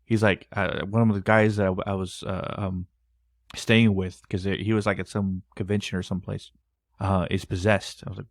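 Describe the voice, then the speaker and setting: A man co-hosting a podcast, retelling an experience in an animated, casual way with quoted dialogue. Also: deep voice, moderate pace, dry recording, studio quality. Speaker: podcast co-host. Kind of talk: casual storytelling.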